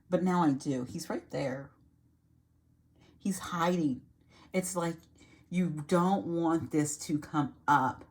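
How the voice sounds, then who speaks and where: A woman giving an earnest, reassuring tarot reading to camera, repeating phrases and trailing off mid-sentence. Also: deep voice. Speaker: tarot reader.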